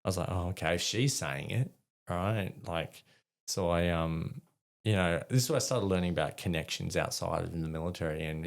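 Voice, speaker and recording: A man's voice: low voice, vocal fry. An Australian army veteran in his forties telling stories casually, rambling with fillers and restarts and acting out dialogue. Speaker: podcast guest, army veteran. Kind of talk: casual storytelling.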